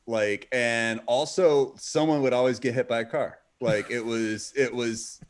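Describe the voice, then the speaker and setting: A man's voice: medium pitch, steady tone, a little slow. Rambling middle-aged man telling stories. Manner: rambling, heavy use of "like", restarts mid-sentence. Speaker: stream co-host. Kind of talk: casual storytelling chat.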